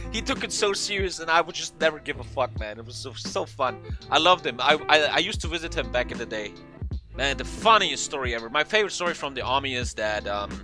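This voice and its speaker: A young man telling a funny story in a casual, animated way, swearing often and acting out what people said. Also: fairly high pitch. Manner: animated, swearing, acts out quotes in a raised voice. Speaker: vlogger.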